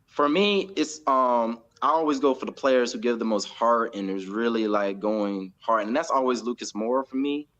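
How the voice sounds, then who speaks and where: An American man giving a fan's reaction to a football match in casual chat, growing loud and animated when he acts out the coach. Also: mid-range voice, moderate pace, dull audio. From United States. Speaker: fan pundit.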